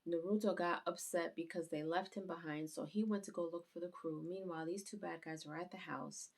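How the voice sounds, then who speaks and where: A woman reviewing an anime episode on her channel, retelling the scenes in a casual, rambling, animated way. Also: fairly low pitch, brisk, creaky.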